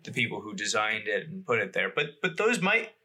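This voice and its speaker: Man, podcast co-host, very bright tone, casual chat, reads facts aloud with fillers. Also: fairly low pitch, very animated, fairly quick. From Boston area.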